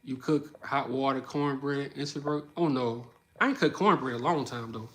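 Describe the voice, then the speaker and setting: A man's voice: mid-range voice, normal speed, background noise. A young man with a New Orleans Southern accent, chatting casually on a livestream, answering comments and telling stories with frequent laughter. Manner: laughing often, animated storytelling. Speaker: livestream host.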